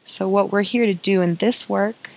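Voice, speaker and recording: A woman's voice: mid-range voice, steady tone, moderate pace, vocal fry, a little mellow, rough recording. A woman hosting a podcast as an emotional healing coach, talking in an earnest, confiding way and repeating phrases for emphasis.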